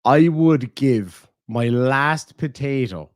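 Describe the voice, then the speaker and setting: Irish male streamer, blunt and profane, mid-pitched, dry close sound, casual donation-reading chat. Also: slow pace, no echo. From Ireland. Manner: blunt and profane, animated swings in loudness. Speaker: livestream host.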